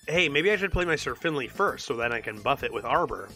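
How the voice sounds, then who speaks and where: A man's voice: mid-range voice, animated, moderate pace, long pauses, bright, forceful tone, faint music behind. A young man streaming a card game, talking casually and rambling, repeating words as he goes. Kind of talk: casual live game commentary.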